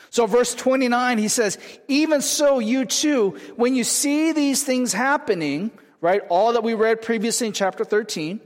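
A man from California preaching a sermon in a conversational way, often checking in with the congregation with "right?". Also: high-pitched. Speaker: pastor. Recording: long hall reverb.

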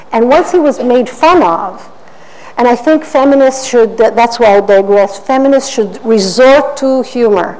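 A middle-aged woman giving an animated public talk, with playful mimicry of others. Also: fairly high pitch. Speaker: speaker. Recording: roomy hall, faint ambience.

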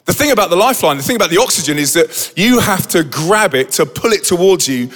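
Male storyteller, high voice, animated live delivery, big reverberant hall. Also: fast talker. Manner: animated, acts out the scene with quoted voices. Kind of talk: dramatic storytelling to a live audience.

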